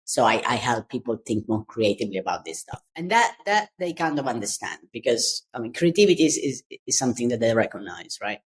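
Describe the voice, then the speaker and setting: A woman from Italy, a design consultant talking in an interview, lively and quick to laugh. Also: extremely low pitch, slightly rough. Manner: lively, laughs often, repeats words when searching. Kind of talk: interview conversation.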